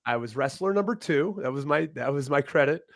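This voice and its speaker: A man's voice: fairly high pitch, brisk, vocal fry, no echo, clean studio sound. A young man, a wrestler guest, chatting casually in an interview, laughing often and cursing easily. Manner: relaxed storyteller, laughs often, swears casually.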